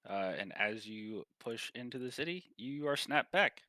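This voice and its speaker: A man narrating a tabletop game in a casual, rambling style with plenty of fillers. His voice is bright and moves freely in pitch, and it sounds dry and close to the mic. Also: expressive, a little slow, no room sound. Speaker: game master.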